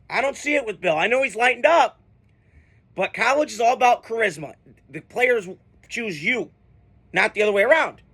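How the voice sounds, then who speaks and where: A man with a high, bright, cutting voice gives a fired-up football reaction. He talks bluntly and swears freely, venting about his team and the coaches like a frustrated fan. The delivery is loose and unscripted. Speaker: sports fan vlogger. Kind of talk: profane sports reaction rant.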